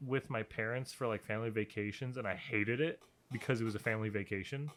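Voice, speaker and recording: An easygoing man chats casually as a podcast co-host. He chimes in with quick interjections and a relaxed, friendly way of talking. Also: lowish voice. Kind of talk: casual chat.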